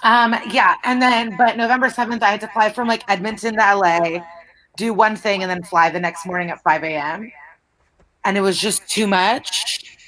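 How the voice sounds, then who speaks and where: Female comedian guest, mid-pitched and bright-edged, blunt deadpan storyteller. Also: normal speed, poor audio. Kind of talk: casual chat.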